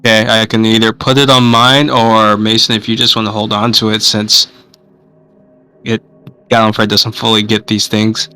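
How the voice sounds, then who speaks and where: A man's voice: on the low side, little pitch movement, normal speed, bright, forceful tone, smooth, faint music behind. A man playing in an online tabletop game, chatting casually and checking his notes aloud. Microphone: online voice chat.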